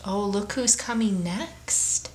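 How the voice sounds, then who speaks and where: A woman hosting a children's story time, reading a picture book aloud in an expressive, unhurried storytelling manner. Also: medium pitch, slight background noise.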